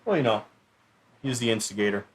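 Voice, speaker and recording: A man on a sports podcast, chiming in with laid-back jokes and quick comments. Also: lowish voice, expressive, breathy edge. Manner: joking, laid-back interjections. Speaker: podcast co-host. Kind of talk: casual sports chat.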